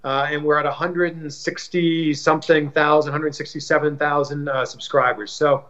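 An upbeat, friendly man from Canada chats as an interview guest. His voice sits a little high for a man. The sound is dull and lo-fi, like a remote call. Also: little pitch movement, normal speed, fairly bright tone. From Canada, suburb of Toronto. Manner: upbeat, self-promoting, friendly. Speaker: broadcaster and YouTube interviewer, guest. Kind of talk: casual interview chat.

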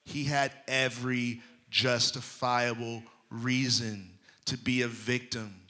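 Slow, bright-voiced male preacher. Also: mid-range voice, flat delivery. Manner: preaching with sharp swings from loud emphatic lines to hushed near-whispers; addresses the congregation directly, checking in with them. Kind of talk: sermon.

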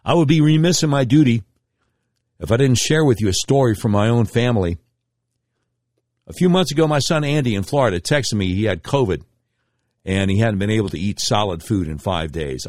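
A man's voice: normal speed, no room sound, studio quality. Emphatic, indignant male radio talk host. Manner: emphatic, indignant storytelling with sharp pitch swings. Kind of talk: political commentary monologue.

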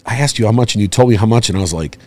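A man's voice: on the low side, rapid-fire, a little mellow. A man in casual conversation, reminiscing in a chatty way with frequent laughs.

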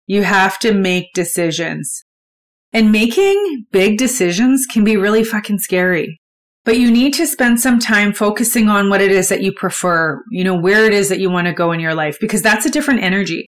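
A woman's voice: mid-range voice, expressive, moderate pace. A woman hosting a solo motivational podcast, talking candidly and conversationally and swearing freely. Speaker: podcast host.

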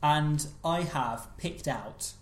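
A man co-hosting a comedy podcast, bantering with deadpan, playful jokes. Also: on the high side, drawn-out words. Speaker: podcast co-host. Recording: echoey room.

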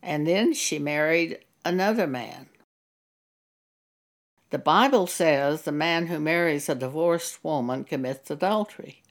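A woman giving a Christian testimony in a measured, earnest way, often quoting scripture. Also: low voice. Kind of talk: slow spoken testimony with scripture.

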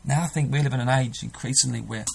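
A man's voice: mid-range voice, steady tone, quick pace, vocal fry, darkish tone, slightly rough, low-quality recording. A man preaching a sermon, earnest and emphatic, often restarting his sentences.

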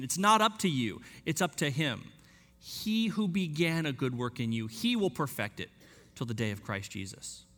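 A man delivers a sermon with earnest emphasis. He slows and softens on the lines that matter most. His slightly raised voice rings out through a long hall reverb. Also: a little high. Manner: earnest, emphatic, slows down and drops quiet on key points. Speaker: preacher.

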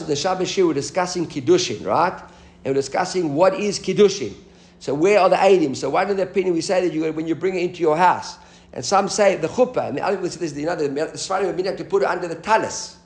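High-voiced man teaching Talmud. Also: darkish tone, reverberant. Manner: explanatory, asks the class questions. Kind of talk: daily Talmud class.

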